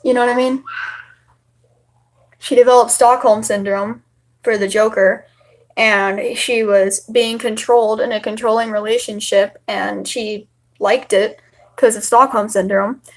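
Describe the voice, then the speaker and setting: Young woman, slightly high-pitched, casual livestream chat, rambling, lots of fillers. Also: steady tone, unhurried. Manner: chatty and rambling, many fillers. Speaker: livestream host. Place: home.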